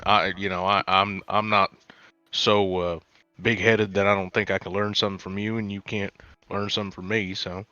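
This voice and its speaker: A man speaking as a tabletop player, hesitant and halting with many restarts. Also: low voice, little pitch movement, bright, forceful tone, no room sound. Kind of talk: in-character tabletop play. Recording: dull lo-fi dry recording.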